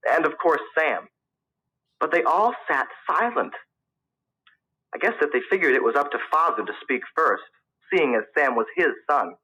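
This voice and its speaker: A man's voice: medium pitch, bright, forceful tone, poor audio. A man narrating a story in the first person, in a plain storytelling manner. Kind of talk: audiobook narration.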